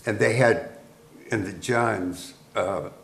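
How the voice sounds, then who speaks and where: A man's voice: on the low side, slow, gravelly, fairly bright tone. A man in his eighties, a veteran guest, unhurriedly recounting wartime memories with chuckles, recorded in an echoey room. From United States. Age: 80s. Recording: echoey room with faint noise.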